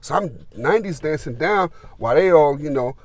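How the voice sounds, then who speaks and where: A man's voice: fairly high pitch, expressive, normal speed, no room sound. A man, telling a rambling, filler-heavy story as a gardening vlogger. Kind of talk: casual storytelling.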